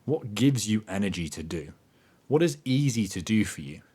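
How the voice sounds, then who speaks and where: A man hosting a podcast, talking in a casual motivational monologue that is animated and emphatic, swearing freely. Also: lowish voice, normal speed, breathy edge. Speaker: podcast host.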